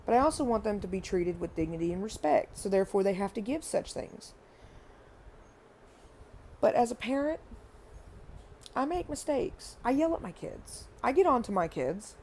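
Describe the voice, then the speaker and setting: A woman's voice: mid-range voice, lively intonation, normal speed, pauses often, a little mellow, a little hiss or hum. A woman and parent giving earnest, repetitive parenting advice in a casual vlog monologue. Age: adult parent. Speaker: parenting vlogger.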